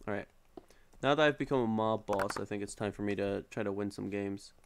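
A young man with a lowish, smooth voice and some vocal fry talks fairly quickly while live-streaming a video game. He chats and jokes casually with viewers in a playful way, yelping and pleading whenever he's in danger.

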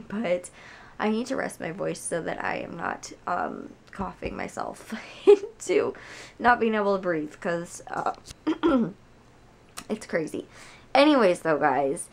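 Hoarse, gravelly young woman vlogging sick. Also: on the low side, very animated, unhurried. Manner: chatty, lots of "like" and "guys". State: hoarse from a cold. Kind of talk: casual chat to camera. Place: home.

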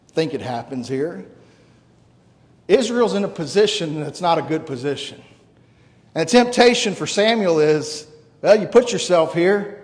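High-voiced male pastor preaching in a reverberant church. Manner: earnest, conversational preaching with frequent repeated words. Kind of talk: sermon. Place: church sanctuary.

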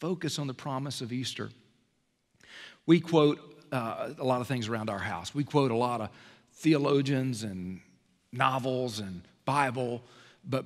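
A man preaching a sermon as pastor, animated and self-deprecating, swinging from soft to loud. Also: medium pitch. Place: large church sanctuary. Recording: long hall reverb.

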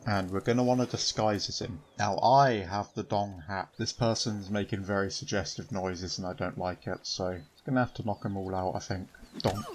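A man's voice: on the low side, slight background noise. A man giving joking commentary over a video game in a dry, sarcastic manner. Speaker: gaming channel host.

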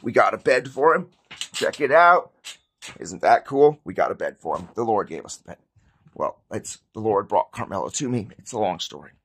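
A man talking earnestly to his viewers in an informal religious vlog, rambling and getting sidetracked, moving between hushed confiding and loud, excited urging. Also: lowish voice, brisk, slightly rough. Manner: emotional swings from hushed to near shouting. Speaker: Christian vlogger.

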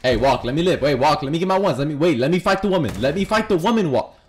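A young man giving loud, profane, rapid-fire commentary over Roblox gameplay, trash-talking other players. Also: on the high side, expressive. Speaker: gaming YouTuber. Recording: noisy gameplay with gunfire behind.

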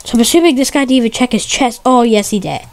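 Excitable high-voiced female gamer. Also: fast talker. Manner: excitable, stuttery, repeats exclamations; swaps curses for mild words. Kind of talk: live gameplay commentary.

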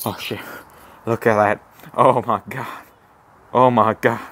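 A man doing a comedic walking vlog outdoors, gasping and swearing in awestruck excitement. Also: mid-range voice, takes it slowly. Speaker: comedic vlogger in character. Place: outdoors, walking around a campus. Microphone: handheld camera.

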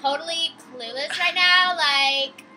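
A woman's voice: extremely high pitch, bright, forceful tone, soft background music, exaggerated voice, low-quality recording. A woman putting on the voice of a ditzy young Valley Girl who fills every phrase with "like". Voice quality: drawn-out, bubbly, every phrase stuffed with "like".

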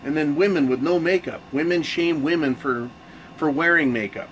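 Profane ranting man, slightly high voice. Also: moderate pace, a bit bright, a little hiss or hum, rough recording. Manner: profane, rambling rant with restarts. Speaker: channel host. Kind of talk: casual monologue to camera.

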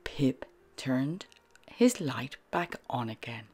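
A woman reading a children's bedtime story aloud in a soft, half-whispered, sing-song manner. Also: deep voice, big pitch swings, slow, slightly rough, soft background music.

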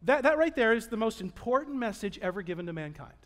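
A man pastor preaching a sermon in a church, emphatic and animated, drawing call-and-response from the congregation. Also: high voice, fast. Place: church sanctuary.

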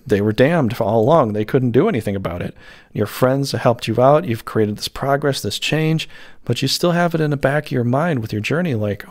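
A tarot reader with a medium-pitched, somewhat dark-toned voice talks his way through a loose, wandering reading. He leans heavily on fillers and often starts his sentences over.

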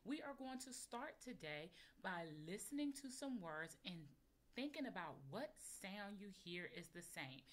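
A woman teaching a recorded phonics lesson to young children, encouraging them and sounding out words slowly and clearly. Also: mid-range voice, big pitch swings. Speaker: kindergarten teacher.

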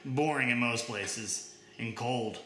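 Man doing easygoing alien traveler, casual chatter, bright tone, echoey room. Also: medium pitch, slow pace, a little hiss or hum. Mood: breezy. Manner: casual, chatty, mildly condescending. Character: breezy, polite, worldly space alien.

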